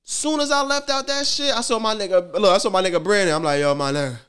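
Podcast guy, smooth clear voice, cussing and slangy storytelling. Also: high voice, fairly even intonation, quick pace, a bit bright. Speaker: podcast co-host. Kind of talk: casual chat.

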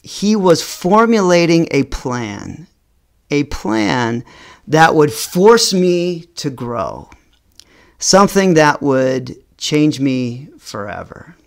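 A middle-aged man vlogging, telling a personal story to camera in an animated way, slowing down for emphasis and often restarting and repeating words. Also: a little high, gravelly.

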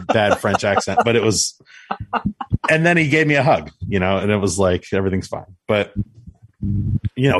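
A man with a very deep voice co-hosts a casual podcast. He tells rambling, self-deprecating stories. The sound is dry and close. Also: measured pace, long pauses, dry recording. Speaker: podcast co-host. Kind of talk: casual storytelling.

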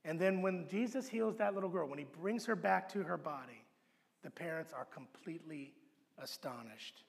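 A man preaching a sermon as pastor, telling the story with animated acted-out voices and dropping to a low hush for emphasis. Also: moderate pace, gravelly. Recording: long hall reverb.

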